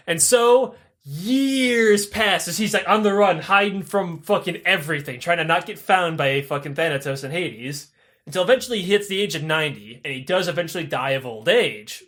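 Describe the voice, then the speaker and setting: A young man with a high voice hosts a podcast and retells old myths in a loose, comedic way. He swears freely, stays animated, and often breaks into laughter. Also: normal speed. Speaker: podcast host. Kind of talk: comedic casual storytelling.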